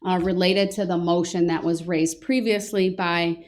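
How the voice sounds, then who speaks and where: A woman judge addresses the court with a fairly low voice in a formal, measured manner. She pauses often on small fillers between her points and stays steady and procedural.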